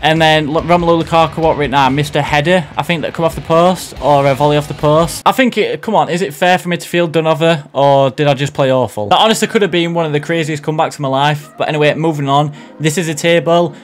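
Excitable young gamer, slightly high. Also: male voice, quick pace, few pauses, faint music behind. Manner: excitable, self-mocking, reacts loudly to play. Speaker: gaming YouTuber. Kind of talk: live gameplay commentary.

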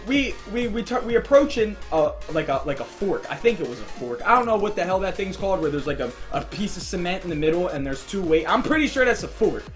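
Young man telling a rambling story over game music. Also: high-pitched. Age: young adult. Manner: animated, rambling storyteller who gets loud and excited. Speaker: gaming YouTuber. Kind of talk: casual storytime over gameplay. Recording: faint background music.

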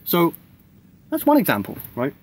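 A man's voice: on the high side, wildly swooping pitch, moderate pace, a little hiss or hum. A man in his thirties talking casually to camera, rambling with constant "like" and "right?" fillers and the odd swear word. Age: 30s. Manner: swears casually, laughs between thoughts. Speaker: vlogger.

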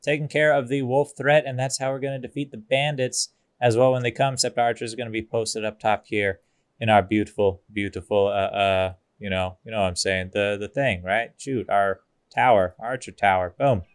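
A man giving casual, goofy let's-play commentary over a strategy game, excitable and full of fillers. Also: fairly low pitch, normal speed. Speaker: gaming YouTuber.

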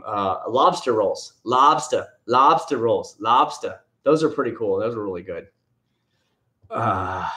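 A man in his late thirties hosting a casual livestream, chatting in a rambling, frank way and answering viewers' questions. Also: medium pitch. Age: 30s. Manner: rambling, conversational, frank opinions. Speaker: livestream host. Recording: echoey room.

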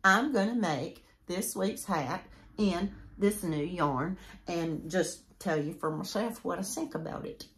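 A woman in her sixties talks casually to her viewers as a crochet vlogger. Her voice rises and falls in a lively way, and she rambles, drifting off and restarting her sentences. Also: fairly low pitch. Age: 60s. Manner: rambling, chatty, self-interrupting. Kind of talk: casual chat to camera.

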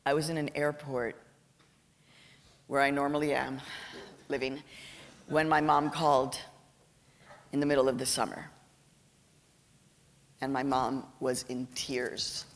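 A woman in her fifties, a journalist giving a keynote speech, an animated and emphatic storyteller. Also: a bass voice, a little slow, gravelly, pauses often. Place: large auditorium. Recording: reverberant lecture hall.

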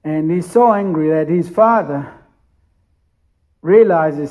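A man's voice: a little high, slow, long pauses, darkish tone. A man preaching a sermon as pastor, telling the story emphatically with repeated phrases.

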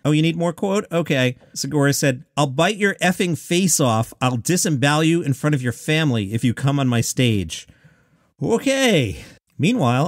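A man's voice: fairly high pitch, dry recording, clean studio sound. A man hosting a daily comedy news podcast, reading out quotes and adding wry asides. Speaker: podcast host.

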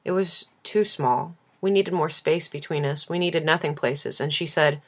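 Low-voiced female reader for a measured, intimate novel reading. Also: fairly even intonation. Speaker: audiobook reader.

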